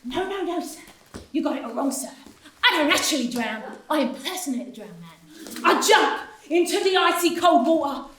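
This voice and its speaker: Woman doing a slick hustler guy, fake drowning act, high lively voice, echoey and far from the mic. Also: moderate pace. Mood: wheedling. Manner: wheedling, salesman patter, mock-respectful. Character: hustling male street performer who fakes drowning. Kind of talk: amateur stage acting. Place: drama class room. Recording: echoey room, actors off-mic.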